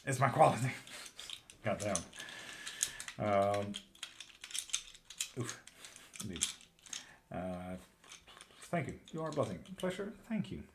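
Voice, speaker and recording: A man from Sweden reading tarot on a live stream, answering viewers' questions in a loose, casual way, swearing now and then. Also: medium pitch. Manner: swears casually, laughs often. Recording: clear background noise with keyboard clicks.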